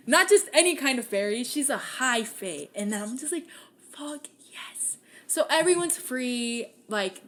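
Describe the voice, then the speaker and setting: A young woman hosting a podcast, casually retelling a fantasy novel with lots of swearing and acted-out lines. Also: medium pitch. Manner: animated, acts out characters' lines, swears freely. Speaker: podcast host. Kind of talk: casual book recap.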